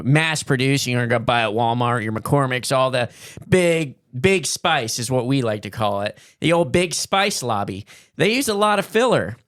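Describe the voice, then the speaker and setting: A man co-hosting a podcast in an easygoing, chatty way, ad-libbing a sponsor spiel with plenty of fillers. His voice sits at an ordinary middle pitch. The sound is close and dry, with no room around it. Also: fairly bright tone, dry recording. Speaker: podcast co-host. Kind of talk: casual chat and sponsor read.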